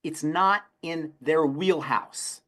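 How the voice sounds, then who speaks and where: A man, a pharmacist on a health show, answering questions in an emphatic, rapid-fire way and repeating his key phrases. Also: on the high side, sharp tone. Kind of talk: call-in health talk.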